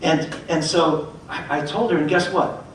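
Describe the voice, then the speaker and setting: A man's voice: on the high side, measured pace, a little hiss or hum. A middle-aged man, a motivational speaker, telling a story on stage and acting out the voices of the people in it. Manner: animated, acts out voices in his stories. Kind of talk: storytelling talk. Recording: echoey hall, mic from far off.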